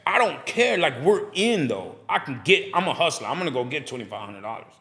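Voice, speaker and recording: A man, animated, telling his story in a casual interview and acting out other voices. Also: medium pitch, a little fast. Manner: animated, preachy storyteller who acts out dialogue. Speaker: barbershop owner and guest.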